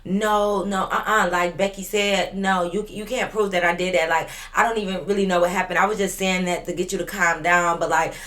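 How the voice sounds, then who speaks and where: A woman's voice: lowish voice, steady tone, a little fast, few pauses, a bit bright, lightly acted. A woman quoting a dodgy, defensive young man. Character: evasive young man backing out of blame.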